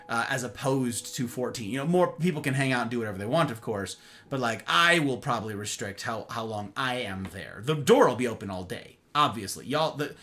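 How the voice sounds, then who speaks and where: A man hosting a casual livestream chat, greeting viewers by name with playful, animated asides. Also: medium pitch. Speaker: livestream host.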